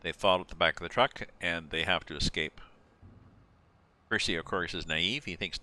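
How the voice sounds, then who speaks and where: A man's voice: low voice, moderate pace, pauses often, pushed and bright. A man streaming a farming game, chatting casually and thinking aloud as he goes. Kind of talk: casual gameplay chat.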